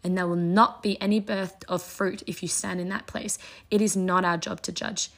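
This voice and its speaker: Gushy christian mom talking scripture at home, gravelly voice, bit husky. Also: female voice, lowish voice, moderate pace. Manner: excited, gushing, reads scripture aloud with gasps. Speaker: Christian mom vlogger teaching the Bible. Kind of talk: casual devotional talk. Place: home kitchen.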